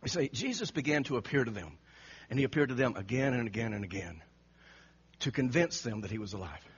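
A man preaching an animated sermon, telling the story dramatically and acting out the quotes with frequent laughter. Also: mid-range voice, a little fast, slightly rough. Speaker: pastor. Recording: muffled lo-fi recording.

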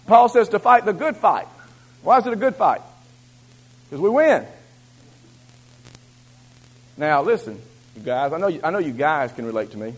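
Male preacher, sermon, husky voice, high pitch, loud rallying bursts, then quiet asides. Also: very animated, fairly quick, low-quality recording. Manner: swings from loud exhortation to low confiding asides.

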